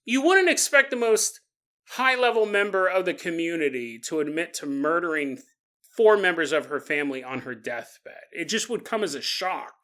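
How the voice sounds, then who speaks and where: A man's voice: fairly high pitch, expressive, normal speed, bright, forceful tone. A man hosting a podcast, telling stories in a joking way and laughing through his sentences. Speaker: podcast host. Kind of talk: comedic storytelling podcast.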